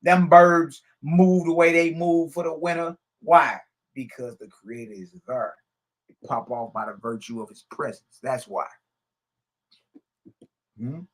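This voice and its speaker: Preachy guy reading scripture then riffing on it, keeps going "hmm?", slightly high voice. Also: measured pace. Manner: laughs often while he talks. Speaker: religious teacher. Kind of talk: reading scripture aloud with street-talk commentary.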